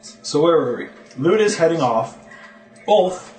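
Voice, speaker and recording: A man's voice: fairly high pitch, expressive, a little slow, long pauses, darkish tone, roomy sound, distant mic, faint music behind. Playful man running a tabletop game. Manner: playful, laughing, tries out character voices. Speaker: game master.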